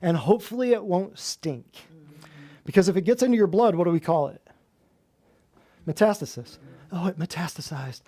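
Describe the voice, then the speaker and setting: A man teaching a small audience, animated, quizzing them and joking as he goes. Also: high voice, normal speed, pauses often. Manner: animated, asks the audience questions, jokes and laughs. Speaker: natural health practitioner teaching a class. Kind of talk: lively lecture to a small audience. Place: office room with a small live audience.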